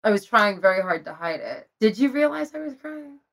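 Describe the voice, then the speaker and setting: A woman in a podcast conversation, telling a personal story in an open, confessional way. Her voice sits at a medium pitch, and she laughs now and then as she talks. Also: sing-song, fairly quick, a bit bright. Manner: emotional, confessional, laughs between lines.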